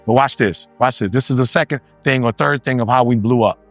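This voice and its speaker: A man's voice: medium pitch, brisk, no room sound. Man, motivational speaker, emphatic, dry close sound, faint music underneath. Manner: animated, emphatic, repeats lines, acts out other voices. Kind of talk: motivational speech.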